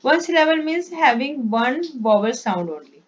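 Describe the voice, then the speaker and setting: This woman has a high-pitched voice with wide pitch swings, speaking at a normal pace. She patiently teaches English grammar, reading out word lists, repeating words, and correcting herself with "sorry" as she goes. The recording is dull and lo-fi.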